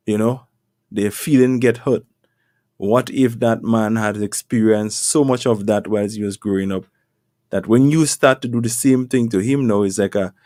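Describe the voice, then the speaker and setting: A man's voice: medium pitch, darkish tone, no echo, studio quality. Man giving relationship advice. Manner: preachy, repeats words, rhetorical questions. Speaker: podcast host. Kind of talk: casual advice talk.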